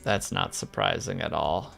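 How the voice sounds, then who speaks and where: A man's voice: low-pitched, big pitch swings, unhurried, gravelly, fairly bright tone, faint music behind. A male streamer chatting casually while drawing, telling rambling stories and teasing his viewers. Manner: rambling anecdotal storytelling; playful teasing.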